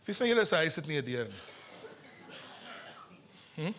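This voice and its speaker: A man from South Africa with an Afrikaans South African accent, preaching a sermon at a church service in an animated, teasing way, slowing his words for emphasis. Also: fairly high pitch. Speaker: pastor.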